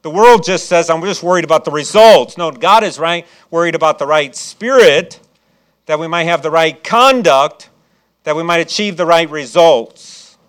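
A man's voice: a little high, lively intonation, normal speed, fairly bright tone, smooth. A man from Chicago preaching a sermon as pastor, with folksy asides and frequent restarts.

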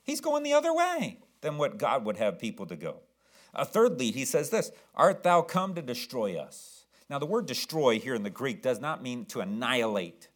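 A man's voice: mid-range voice, huge pitch swings, a little fast. A man preaching a sermon as pastor, emphatic, repeating words and asking the congregation questions.

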